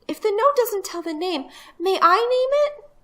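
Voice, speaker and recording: A woman's voice: very high-pitched, animated, normal speed, sharp tone, pitched above the performer's own voice, exaggerated voice. A woman voicing a young girl who is fond of fancy names, speaking in a small, hesitant voice. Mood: wistful.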